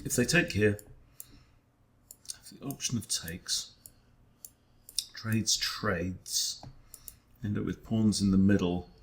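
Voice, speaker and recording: A man with a fairly low, gravelly voice talks through a chess game as he plays it. He is wry and self-deprecating and often mutters his thoughts half to himself. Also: takes it slowly, pauses often. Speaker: chess coach. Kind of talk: thinking aloud during an online chess game.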